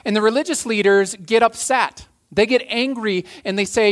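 A man's voice: extremely high pitch, normal speed, hardly any pauses, fairly bright tone. A man preaching a sermon as a pastor, earnest, often restarting and repeating phrases.

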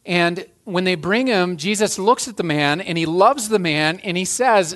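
Man, pastor, sermon, earnest, repeats himself, slightly high voice. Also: moderate pace, fairly bright tone. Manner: earnest, restarts phrases and repeats key lines.

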